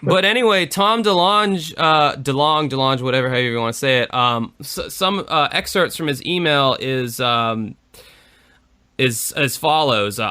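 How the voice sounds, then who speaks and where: Bright, smooth-voiced man chatting. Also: medium pitch, normal speed. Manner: rambling, many fillers. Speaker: podcast co-host. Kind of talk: casual chat.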